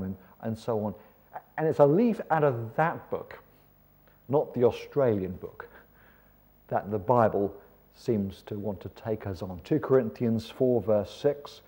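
A man's voice: on the low side, measured pace, dark tone, husky. An Englishman giving a sermon-style seminar talk, conversational with rhetorical questions and wry asides. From England. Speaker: seminar speaker.

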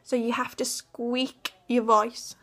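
A young woman from Hull, Yorkshire, England, with a Yorkshire accent, chats casually in her vlog as a cosplayer and vlogger. Her voice sits on the high side and is a bit bright, with little pitch movement, and she takes things slowly. She's giggly and rambling, with lots of fillers.

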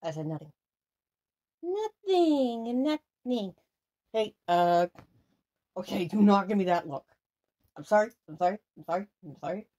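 A woman hosts a casual paranormal challenge vlog at a middling pitch. Her delivery is excitable and dramatic, with plenty of swearing thrown in. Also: a little slow, pauses often. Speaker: video host.

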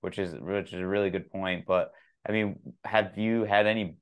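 A man's voice: deep voice, steady tone, normal speed, smooth. A man hosting a podcast, asking questions in a rambling, easily impressed way. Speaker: podcast host. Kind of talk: casual podcast chat.

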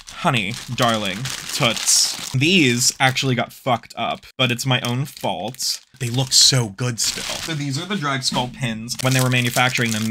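In a casual vlog, a male artist unboxes enamel pins for his shop, his voice sitting at a medium pitch. He's campy and sassy, cursing nonstop and squealing whenever something excites him.

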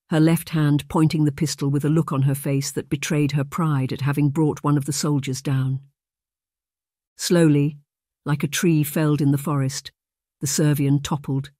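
A man narrating an audiobook in a steady, measured reading. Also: a little high, no echo, clean studio sound.

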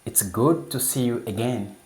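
Slow, lively teacher drilling phrases; echoey room. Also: mid-range voice. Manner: repeats each phrase twice. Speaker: language teacher. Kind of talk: reading phrases for learners.

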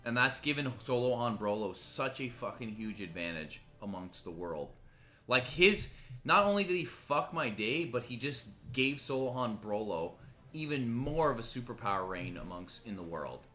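Casting note: male gaming streamer, bright, lively pitch, furious swearing rants, faint music under him. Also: moderate pace. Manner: angry, ranting, heavy swearing; swings between loud outbursts and muttering. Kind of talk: live gaming commentary.

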